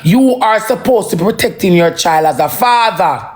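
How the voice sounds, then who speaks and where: A parent with a Jamaican accent in an emotional, profane ranting monologue that swings between slow brooding and heated outbursts. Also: medium pitch, lively intonation. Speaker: social media livestreamer.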